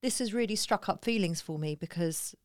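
A woman's voice: mid-range voice, a little fast, no room sound, clean studio sound. A woman co-hosting a podcast, talking earnestly and reflectively in a casual chat. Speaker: podcast co-host.

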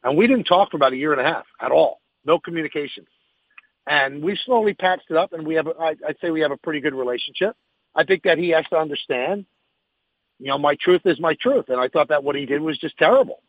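A man's voice: a little high, animated, fast, no room sound, narrow, tinny audio. A man who hosts sports radio, answering interview questions frankly and emphatically, thinking aloud as he goes.

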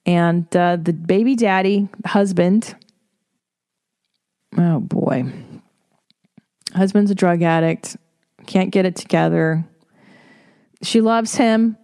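A woman's voice: lowish voice, takes it slowly, long pauses, mellow, dry recording, clean studio sound. Blunt, profane woman ranting on a podcast. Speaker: podcast host. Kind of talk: solo podcast rant. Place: home recording studio.

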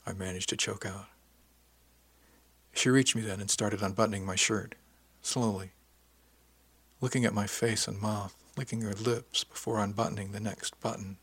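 A man reading a first-person story aloud in a soft, intimate, unhurried way, often dropping to a half-whisper. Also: fairly low pitch, flat delivery, vocal fry, breathy edge. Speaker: narrator. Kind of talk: first-person audiobook narration.

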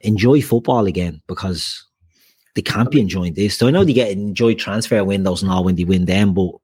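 A husky, lowish man's voice, recorded close and dry. He hosts a laid-back football chat, full of banter and playful asides to the listeners. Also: a little fast, darkish tone, dry recording. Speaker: podcast host.

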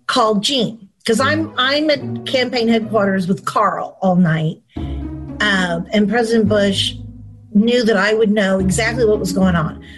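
A woman, a former chief of staff, recounting memories in an interview as a lively storyteller. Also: mid-range voice, rough recording. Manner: lively storyteller, brisk anecdotes. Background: music.

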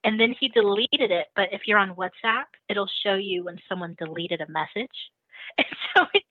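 A young woman on a call-in show spills a story with animated energy and frequent laughs. Her voice comes through a tinny phone line with no room around it. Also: medium pitch, moderate pace, no room sound. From lives in the Netherlands. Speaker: caller. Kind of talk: casual storytelling.

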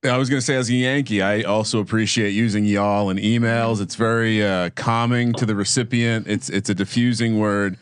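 Co-host guy, lowish voice, wry asides, dry mic. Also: fairly even intonation, brisk, hardly any pauses, smooth, no room sound. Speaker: podcast co-host. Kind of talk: casual podcast banter.

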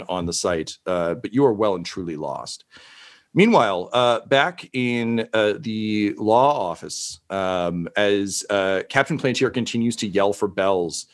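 A man narrating as game master in a rambling, profane, casual way. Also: on the low side.

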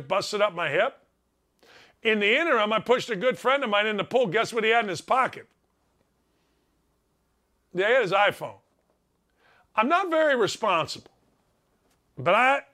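A middle-aged man hosting a sports talk show, telling a story in an excitable, self-mocking way with loud exclamations. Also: high voice. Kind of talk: animated storytelling monologue.

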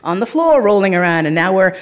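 A woman's voice: medium pitch, big pitch swings, a little fast, dull audio. Woman telling a profane comic story. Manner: profane, laughing through the telling.

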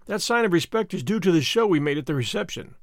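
A man's voice: high-pitched, animated, quick pace, dry recording, studio quality. A man voicing a young, doubtful secretary in an audiobook, speaking with a wondering tone.

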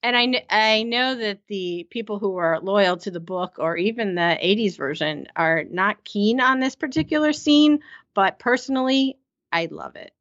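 A woman's voice: medium pitch, moderate pace, a bit bright, no echo. A woman co-hosting a podcast in an easygoing, casual way, laughing often. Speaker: podcast co-host. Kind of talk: casual recap chat. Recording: slightly dull, muffled audio.

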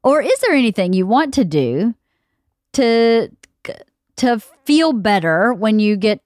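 Lady podcast host teasing her husband, lively bouncy voice, dry close mic. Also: fairly high pitch, dry recording. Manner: teasing, quick questions, laughs often. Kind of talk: casual chat.

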